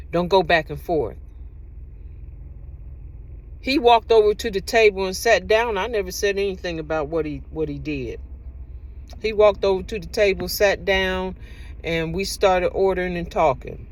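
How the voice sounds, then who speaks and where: Woman vlogging to her camera, chatty and rambly, repeats herself for emphasis, mid-pitched voice. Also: moderate pace. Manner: rambling, repetitive, emphatic storytelling. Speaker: vlogger giving relationship advice. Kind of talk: casual talk to camera.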